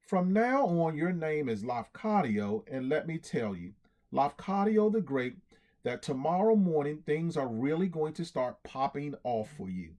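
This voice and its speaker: A bossy, smooth-talking circus man from a storybook waves off every objection with brisk insistence, as a man puts him on. His voice leaps around in pitch, but he is in no rush. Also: sing-song, darkish tone. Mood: persuasive.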